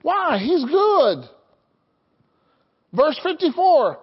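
Calling out to his congregation and urging them to respond, a pastor delivers a call-and-response sermon. He speaks very slowly in a very high voice with big pitch swings, captured in lo-fi sound.

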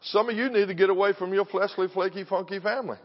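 Talking fast in a high, steady voice, an older preacher delivers a confrontational, punchy sermon and presses his congregation with questions. It was recorded in a church sanctuary, sounding dull and washed in long hall reverb.

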